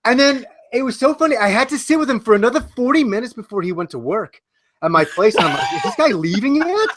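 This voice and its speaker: A man's voice: very high-pitched, quick pace, dry recording. A man in his forties telling a casual podcast anecdote with a lot of swearing, acting out what people said. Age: 40s. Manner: animated anecdote with acted-out quotes, profane. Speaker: podcast panelist. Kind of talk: casual storytelling.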